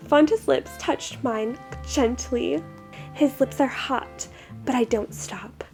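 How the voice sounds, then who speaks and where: Young woman streamer, high and gravelly, excitable game reading with commentary. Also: slow pace, faint music behind. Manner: excitable, giggly, reacts loudly.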